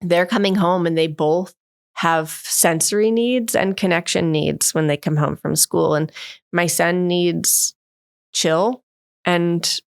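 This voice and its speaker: A woman in her thirties, a guest expert, telling stories in an animated way in a podcast interview and acting out the voices she quotes. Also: fairly low pitch, takes it slowly, gravelly, no room sound, clean studio sound. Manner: animated storyteller who acts out quoted voices. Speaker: guest expert on emotional development.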